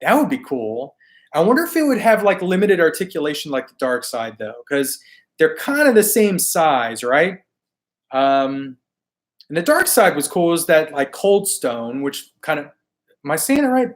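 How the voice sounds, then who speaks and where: Hosting a live stream about toy collecting, a man chats with viewers laid-back and slangy, laughing easily between remarks while his voice grows hoarse as he loses it. He's a bit higher-pitched than most men and talks in a sing-song at normal speed.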